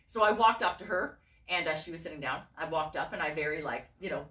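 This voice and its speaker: A woman's voice: deep voice, fast talker. A woman telling a story in a casual vlog, swearing freely and acting out the voices of the people she quotes. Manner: animated, profane, acts out quoted voices. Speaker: vlogger and costume designer. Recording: roomy and a bit distant from the mic.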